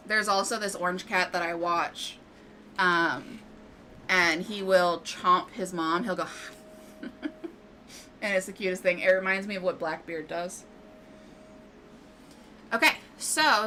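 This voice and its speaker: A woman's voice: lowish voice, fairly even intonation, slow pace, pauses often, sharp tone, soft background music. A woman gaming at home, chatting casually to viewers and cooing and scolding her cats in a playful sing-song. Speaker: gaming streamer. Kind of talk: casual chat while modding a game.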